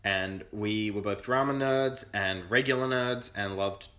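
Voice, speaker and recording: A young man, co-hosting a casual podcast in a friend's lounge room, excitable and prone to ranting and swearing. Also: lowish voice, unhurried. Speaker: podcast co-host. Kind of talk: casual chat.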